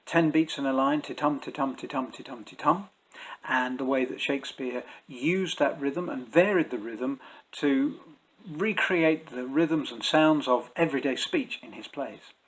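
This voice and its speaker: A man teaching Shakespeare's verse in a measured, explanatory way, pausing to think as he goes. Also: mid-range voice, poor audio. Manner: measured and explanatory, with thoughtful pauses and fillers. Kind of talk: spoken lesson to camera.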